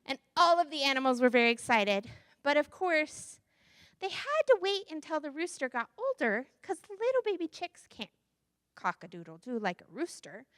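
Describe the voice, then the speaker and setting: A woman's voice: high voice, sing-song, normal speed, a bit bright, dry recording, studio quality. A woman minister telling a playful children's story during a church service. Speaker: interim minister. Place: church sanctuary.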